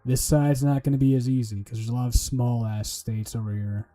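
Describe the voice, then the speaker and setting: A little fast and dark in tone, this man's mid-range voice carries his casual study-stream muttering over faint music. He swears and makes up silly memory tricks as he studies.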